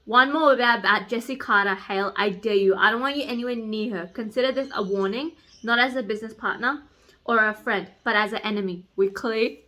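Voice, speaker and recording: A woman's voice: fairly high pitch, brisk, bright, forceful tone. A woman reading out a brooding, tattooed young man's lines in her own voice, blunt and cocky, with some swearing. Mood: intense. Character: brooding tattooed bad boy, young man.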